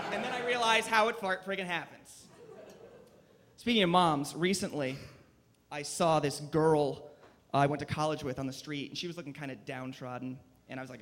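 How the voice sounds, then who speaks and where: A man in his twenties performing a deadpan, self-deprecating stand-up set on a comedy club stage into a handheld mic. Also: fairly high pitch, normal speed, noisy background.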